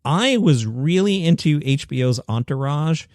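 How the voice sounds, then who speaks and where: A man's voice: fairly high pitch, animated, a little slow, darkish tone, no echo, clean studio sound. Wry New man reading comedy news. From Queens, New York. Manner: wry, self-deprecating asides. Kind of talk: solo comedy news commentary.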